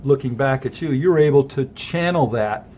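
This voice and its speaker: A man in his sixties, a former ballplayer, speaking earnestly and gratefully in an interview, pausing often. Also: mid-range voice, a little mellow, lo-fi sound, a little hiss or hum. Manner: earnest, grateful, halting with fillers. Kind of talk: reflective interview chat.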